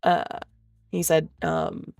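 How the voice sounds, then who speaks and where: A woman's voice: low-pitched, very animated, very slow, vocal fry, darkish tone, no room sound, soft background music. A young woman streamer telling a rambling, swear-laden story in a casual way, full of fillers. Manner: profane, rambling, filler-heavy.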